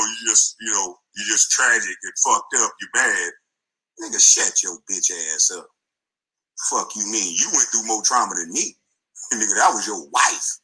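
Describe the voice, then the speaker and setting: A man's voice: medium pitch, pushed and bright, rough recording. A man in an angry, profane rant, taunting and repeating insults. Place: front seat of his car.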